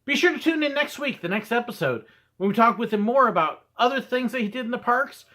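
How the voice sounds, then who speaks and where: A male podcast host with a high voice that swings freely and a bright tone. He chats casually, nudging his guest along with short replies and easy laughs. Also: animated, fast. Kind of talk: casual interview chat.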